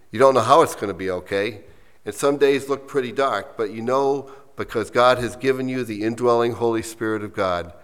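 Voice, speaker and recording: A man preaching a sermon as pastor, reading quoted lines slowly and with emphasis, then dropping to soft asides. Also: medium pitch, smooth, in a large hall.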